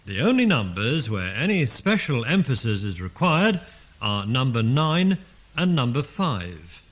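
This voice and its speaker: A man with an English accent giving slow, deliberate, scripted instructional narration. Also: mid-range voice.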